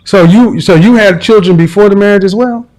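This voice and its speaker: A man's voice: high-pitched, brisk, darkish tone, faint music behind, poor audio. A man hosting a call-in advice show, questioning a caller bluntly. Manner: blunt, interrogating.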